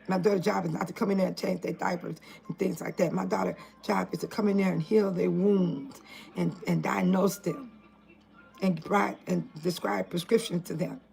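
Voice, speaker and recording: At home in a casual vlog, an older woman from Illinois speaks earnestly, preaching with emphatic repetition. Her medium-pitched voice is creaky, and the recording is rough.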